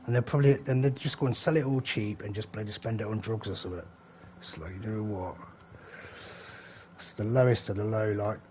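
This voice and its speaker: A rambling middle-aged man talks to his live-stream chat while he plays. His voice sits low, he swears casually, and there is a faint hum of ambience behind him. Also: a little mellow.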